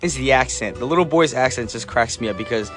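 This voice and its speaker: In a radio studio with soft music behind him, an American host with a mid-range voice and lively intonation talks fast. He reads listener messages in a chatty, upbeat manner, laughing easily throughout.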